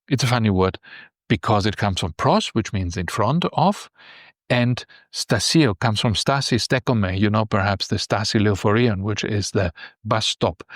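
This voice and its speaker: A man with a fairly low voice walks through vocabulary as a language teacher, patient and explanatory, often checking in with a quick "right?". The sound is dry and close, with no room around it. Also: no echo. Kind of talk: explaining vocabulary from a news text.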